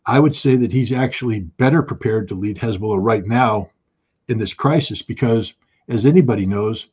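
A man's voice: lowish voice, moderate pace, darkish tone, slightly rough, dull audio. A man giving conversational analytical commentary in an interview, with frequent ums and restarts.

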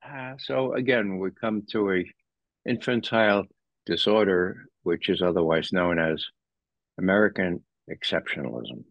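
A man commenting as a guest in an interview, animated and sardonic, rising sharply in pitch when he stresses a point. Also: unhurried, no room sound. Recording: dull lo-fi dry sound.

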